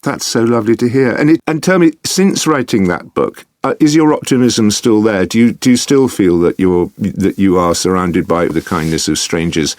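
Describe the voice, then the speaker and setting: A male interviewer asking gentle, encouraging questions. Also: fairly low pitch, animated, moderate pace, few pauses, no echo.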